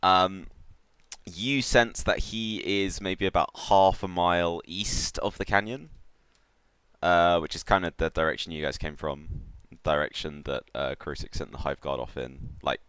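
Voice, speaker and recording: A man's voice: deep voice, fairly even intonation, a little slow, a bit bright, smooth, dry recording, clean studio sound. A man narrating as game master of a tabletop role-playing game, in loose descriptive narration with many fillers.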